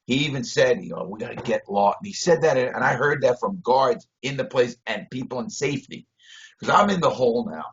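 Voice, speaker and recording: A man telling a story on a video call, blunt and profane, shifting between loud bursts and low mutters. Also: expressive, brisk. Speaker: interview guest. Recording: dull lo-fi video call audio.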